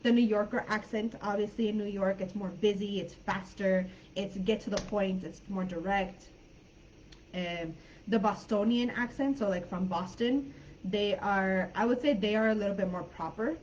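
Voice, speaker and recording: A friendly woman with a Californian accent explains things in a loose, chatty teaching style, often pausing on "um" and "uh". Her voice sits at an ordinary middle pitch. It comes over a slightly dull, lo-fi video-call line. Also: a little mellow, a little hiss or hum. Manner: friendly and chatty, many fillers. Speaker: English teacher. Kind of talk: casual live online class.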